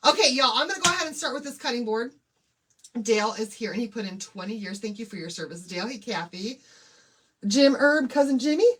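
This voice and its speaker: A woman's voice: on the high side, lively intonation, a little fast, husky. A woman hosting a casual craft livestream, bubbly and chatty as she greets viewers one by one.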